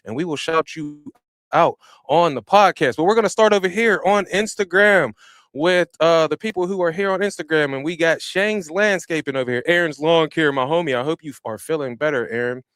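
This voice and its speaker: A man hosting a live podcast, chatting casually and giving energetic, slangy shout-outs to viewers from a home podcast room. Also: fairly high pitch, fairly quick, smooth, no echo. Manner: slangy and informal. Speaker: podcast host. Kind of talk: live-stream podcast chat.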